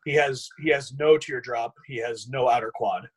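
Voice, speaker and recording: Husky, animated storytelling man. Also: medium pitch, normal speed, low-quality recording. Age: 30s. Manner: animated storyteller, frequent profanity, acts out quotes. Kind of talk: casual storytelling chat.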